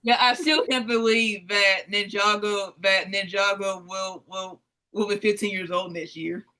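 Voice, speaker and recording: A woman's voice: mid-range voice, fairly even intonation, a little slow, bright, forceful tone, rough recording. A woman hosting a casual interview, speaking hesitantly and repeating words before her questions. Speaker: host.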